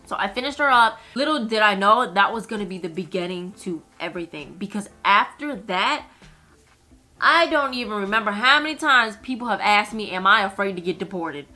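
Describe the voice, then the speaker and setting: A young woman from Minnesota, blunt and frank, telling stories from behind the nail desk with plenty of swearing. Her voice is bright and forward. Faint music plays under her talk. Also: medium pitch, animated, normal speed. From United States (Minnesota). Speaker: nail technician and vlogger. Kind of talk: casual story time.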